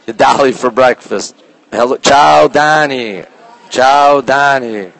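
A man hosting a casual live stream from a phone as he walks through an art museum, reading out artwork titles slowly and greeting viewers by name, sometimes dropping his voice low. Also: gravelly. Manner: talks low at times to keep quiet. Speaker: livestream host touring a museum. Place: indoor art museum gallery.

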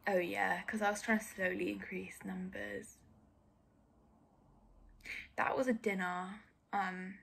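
A woman's voice: mid-range voice, vocal fry, a bit bright, husky. A young woman giving candid, self-critical reaction commentary as a vlogger, often dropping to a near whisper.

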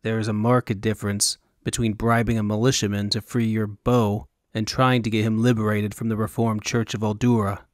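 A man voicing a wary, grumbling male sellsword who mutters his lines low and dry. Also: little pitch movement, moderate pace, few pauses, dry recording, close to an everyday voice.

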